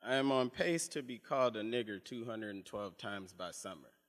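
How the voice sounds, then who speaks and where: A man reading spoken word poetry at a live event, with a pointed, measured delivery of long lines. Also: on the low side. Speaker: poet. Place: live reading in a museum venue. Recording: long reverb of a large hall.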